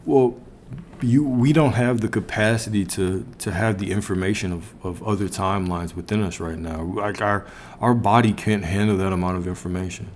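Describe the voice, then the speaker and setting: Low-voiced man teaching on a livestream. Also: moderate pace, slight background noise. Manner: reflective, repeats phrases, asks listeners questions. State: a little out of breath. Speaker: spiritual coach streaming to viewers.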